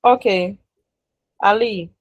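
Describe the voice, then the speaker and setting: A woman lectures a class in a mid-pitched voice. She goes over each point more than once and stops to ask "what?" so the class can fill in the answer. Her voice sounds close and dry, with no room echo. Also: slow. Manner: leaves sentences open with "what?" for the class to finish; repeats and rephrases points, checking the class follows. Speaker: university lecturer.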